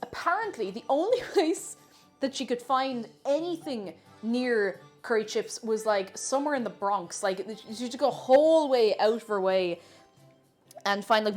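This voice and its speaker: Chatty Irish woman with a lively, high voice. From Ireland. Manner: chatty, playful, self-mocking, laughs often. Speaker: cooking streamer. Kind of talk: casual live-stream cooking chat.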